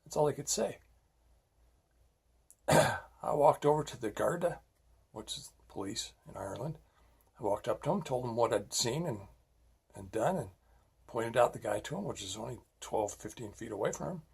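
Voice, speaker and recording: A man's voice: mid-range voice, expressive, normal speed, creaky, long pauses, darkish tone, breathy edge. A middle-aged man, a former police officer, giving a blunt safety talk full of personal stories and often checking in with "all right?". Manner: emphatic, repeatedly asks "all right?"; blunt and scolding when making a point.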